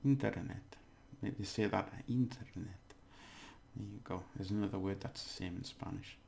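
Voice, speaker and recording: A man giving a casual video lesson as a language teacher, chatty, laughing often and repeating words slowly to model them. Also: low voice, monotone, vocal fry, a little hiss or hum.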